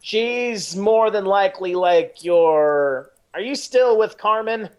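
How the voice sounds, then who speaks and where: A man voicing a shady male crime boss in a tabletop role-play, speaking slowly and hesitantly as if on a phone call. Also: high-pitched, smooth, pitched above the performer's own voice. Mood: guarded. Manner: slow, guarded, hesitant phone talk.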